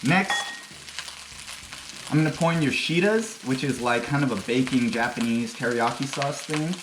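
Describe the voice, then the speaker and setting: A man's voice: mid-range voice, normal speed, noisy background. A man hosting a casual home cooking demonstration, talking crudely with joking, rambling asides. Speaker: cooking show host. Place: home kitchen. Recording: echoey kitchen with faint music.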